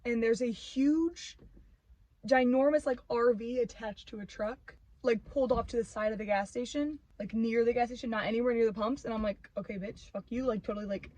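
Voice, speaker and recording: A woman of twenty-one telling a story as an animated, profane rant, full of filler "like". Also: on the high side, a little fast, dry recording, rough recording. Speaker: vlogger. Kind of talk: ranting storytime.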